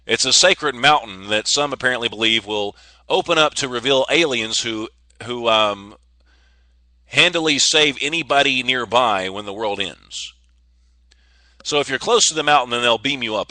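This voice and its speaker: A man's voice: medium pitch, pushed and bright, no room sound. A man hosting a casual solo podcast, rambling and joking with frequent stammers and restarts. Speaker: podcast host.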